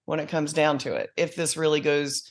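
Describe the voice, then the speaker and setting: A woman's voice: sits low, steady tone, fairly quick. A woman on a panel show, chatting casually and telling personal anecdotes.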